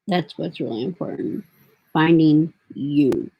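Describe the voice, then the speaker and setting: A woman's voice: sits low, slow pace, gravelly, husky, highs cut off. A middle-aged woman talking to her camera in a rambling, casual way, drifting from thought to thought with lots of fillers. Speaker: vlogger. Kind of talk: casual vlog talk.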